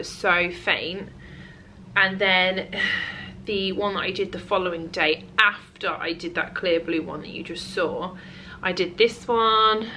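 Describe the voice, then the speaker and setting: A British woman talks casually to camera in a home vlog, chatty and rambling with many fillers, and often breathless. Her lowish voice sounds pushed and bright, with slight background noise.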